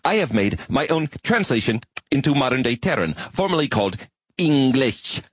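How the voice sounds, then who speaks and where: A man's voice: medium pitch, sing-song, moderate pace, slightly rough, voice pushed up. A man voicing an earnest, fussy quasi-arachnid alien who speaks in stiff, formal phrasing in an audiobook.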